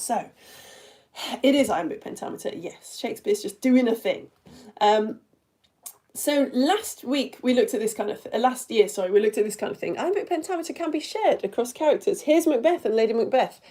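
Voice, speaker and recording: Woman, teacher, from the UK, online lesson, chatty, animated, slightly high voice. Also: moderate pace. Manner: chatty, animated, asks questions.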